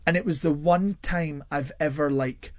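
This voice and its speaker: In a dry studio-mic recording, a young man with a voice on the high side speaks at normal speed as an interview guest. Expressive and laughing often, he fills his personal stories with fillers.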